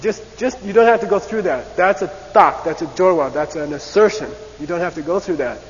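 Male lecturer, fairly high voice, repeats "okay?", long reverb, muffled lo-fi tape with faint hiss. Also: fairly quick. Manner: animated, repeats "okay?" and acts out debate voices. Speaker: teacher. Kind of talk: classroom lecture.

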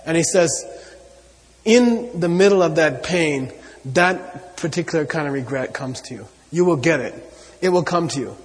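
This male Buddhist teacher's voice sits on the high side and comes across animated. Speaking at a moderate pace in a big, echoing space, he earnestly addresses listeners on spiritual matters, circling back to his points and frequently dropping in "you know."

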